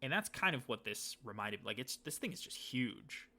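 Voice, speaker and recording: A man co-hosting a casual podcast chats in a rambling way while telling a story, acting out the lines he quotes. His mid-range voice is sing-song, bright and forceful, at a normal speed.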